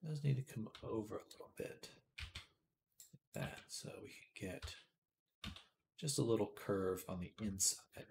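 A man live-streaming, quietly talking himself through 3D modeling work, sometimes dropping to soft whispered asides and getting chattier and amused when he answers chat. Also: on the low side, animated, unhurried, gravelly, long pauses, slight background noise. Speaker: livestreamer. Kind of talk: casual live-stream commentary while 3D modeling.

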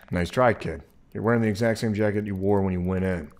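A man voicing a gruff, weary male night security guard in a game, with a dry, grumbling, unimpressed manner. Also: fairly low pitch, fairly quick, a little mellow, voice pushed down, lightly acted.

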